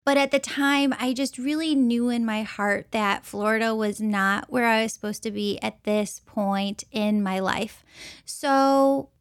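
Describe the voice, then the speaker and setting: A woman's voice: a little high, steady tone, measured pace, no room sound, clean studio sound. A woman from the United States who gives intuitive readings, telling a personal story in an earnest way and repeating phrases for emphasis. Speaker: intuitive reader.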